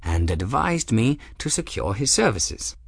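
A man voicing a patient, dignified lord in an audiobook, measured and quiet. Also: medium pitch, big pitch swings, creaky, breathy edge, no room sound, studio quality, heavily acted. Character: patient, dignified middle-aged male lord. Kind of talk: audiobook character voice.

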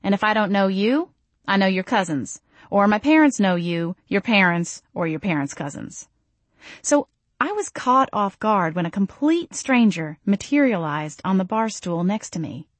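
A woman's voice: mid-range voice, expressive, moderate pace, no echo. Wry woman narrating an audiobook. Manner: wry, self-deprecating. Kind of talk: first-person audiobook narration.

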